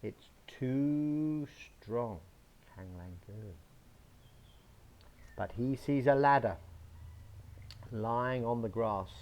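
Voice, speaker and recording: A man reading a picture book aloud to children, slow and expressive, adding sound effects. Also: mid-range voice, muffled recording. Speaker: storyteller.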